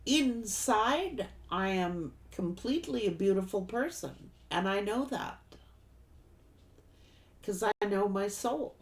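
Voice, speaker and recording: A middle-aged woman giving a casual tarot reading, blunt and folksy, swearing freely and laughing often. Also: mid-range voice. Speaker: tarot reader.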